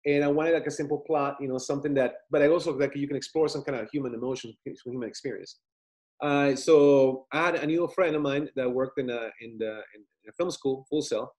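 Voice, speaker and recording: A man being interviewed about his filmmaking, talking in a rambling, animated way and acting out what people said. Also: medium pitch, a little fast. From Italian family, lives in United States. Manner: rambling, animated, acts out quotes. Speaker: filmmaker guest. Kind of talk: casual interview storytelling.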